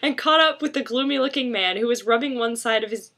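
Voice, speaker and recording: A woman's voice: fairly high pitch, quick pace, pushed and bright. A woman reading a fan story aloud with a friend, bemused and giggly, often losing track of the plot. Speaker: fanfiction reader and commenter. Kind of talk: casual mocking read-aloud.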